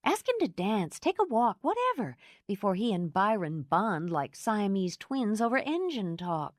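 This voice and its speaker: A woman's voice: mid-range voice, sing-song, a little slow, dry recording, studio quality, voice pushed up. A woman voicing a bold, blunt woman friend who teases and pushes. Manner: brash, pushy.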